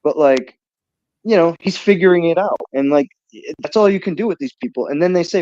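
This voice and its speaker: A man's voice: on the high side, brisk, mellow, no room sound. A man hosting a casual call-in livestream, ranting in a heated, profane way. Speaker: livestream host. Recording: dull lo-fi stream audio.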